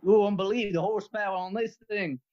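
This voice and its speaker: A man voicing a folksy Southern redneck selling a tractor, with a slow country drawl. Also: sits high, fairly even intonation, pitched above the performer's own voice, close to an everyday voice. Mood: folksy salesman. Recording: muffled lo-fi audio.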